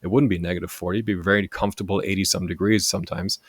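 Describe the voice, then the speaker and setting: A low-voiced man in his forties from Germany, a native German speaker, tells stories as a podcast guest. He talks in a lively way and keeps checking in with "right?". His voice is recorded close and dry. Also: rapid-fire, no echo. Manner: lively, tags sentences with "right?". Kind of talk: casual storytelling chat.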